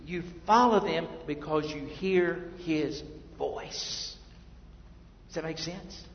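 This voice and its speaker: Slow gravelly preacher guy, goes quiet then booms, echoey church hall sound kinda dull. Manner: preacher's rhythm, shifting between hushed asides and emphatic swells. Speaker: pastor. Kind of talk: sermon.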